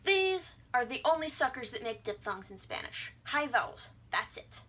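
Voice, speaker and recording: A woman's voice: high-pitched, very animated, normal speed, pushed and bright. Breezy young woman teaching pronunciation. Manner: breezy and irreverent, sounding out vowels and words as examples. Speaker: language teacher. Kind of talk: casual video lesson.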